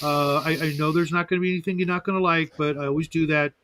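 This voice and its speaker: A man's voice: a little high, steady tone, fast, fairly bright tone, slight background noise. A middle-aged man hosting a podcast in casual chat, rambling with stammering restarts. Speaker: podcast host.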